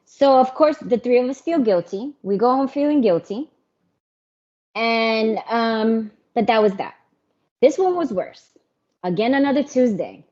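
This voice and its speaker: Woman telling her story straight, lively, higher voice, muffled lo-fi audio. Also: unhurried. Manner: candid, animated, mimics others. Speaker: interview guest. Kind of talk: personal storytelling.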